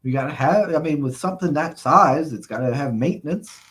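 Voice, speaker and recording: Chatty man, slightly high voice. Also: expressive, fairly quick, fairly bright tone, slightly rough. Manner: rambling, chuckling, lots of "uh, let's see" fillers. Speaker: streamer host reading chat. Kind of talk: casual live-stream chat.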